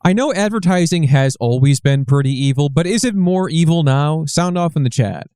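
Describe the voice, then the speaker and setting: A man's voice: a little high, lively intonation, normal speed, dark tone, clean tone, no echo, studio quality. A man co-hosting a podcast in casual chat, wry and self-mocking, swearing now and then. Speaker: podcast co-host.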